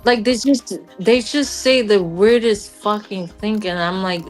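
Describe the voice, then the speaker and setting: A woman's voice: medium pitch, measured pace, few pauses, a little mellow, faint music behind. A woman recounting a story casually, sounding bewildered and hesitant.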